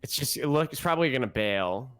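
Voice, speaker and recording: A man with a mid-pitched voice chats loosely as a player at a tabletop game. He rambles along and leans on filler words as he goes. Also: lively intonation, fast talker, fairly bright tone, clean tone. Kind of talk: casual game chat.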